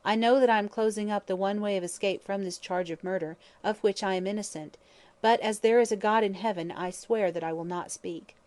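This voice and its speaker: A woman reading an audiobook, voicing a proud young man in prison who speaks gravely and wearily. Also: medium pitch, fairly even intonation, brisk, a little mellow, lightly acted. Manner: grave, weary, then impassioned.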